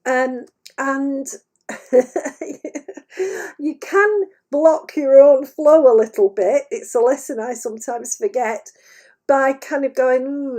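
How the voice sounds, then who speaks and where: Woman psychic medium, wheezy, mellow and unhurried, gentle and hesitant delivery. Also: on the high side. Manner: gentle, hesitant, laughs often mid-sentence. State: wheezy, clearing her chest. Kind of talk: channelled spiritual message on a livestream. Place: at home.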